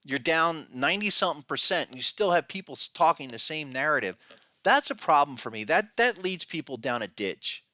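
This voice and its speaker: A man who hosts a podcast and teaches trading shares his market views in casual commentary. His voice is bright, edgy, on the high side and very animated, and he talks a little fast, emphatically and restlessly, often breaking off and restarting sentences. The recording is close and dry, with no room sound.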